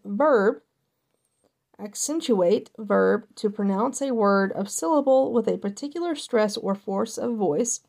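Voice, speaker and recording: A woman's voice: medium pitch, gravelly, mellow. Woman reading encyclopedia entries aloud. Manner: careful reading with stumbles and self-corrections. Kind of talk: reading aloud with casual asides.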